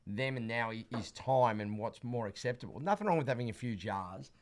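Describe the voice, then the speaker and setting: A man's voice: medium pitch, animated, fairly quick. A man with an Australian accent co-hosting a podcast, chatting in blokey, opinionated banter. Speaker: podcast co-host. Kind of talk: casual podcast chat.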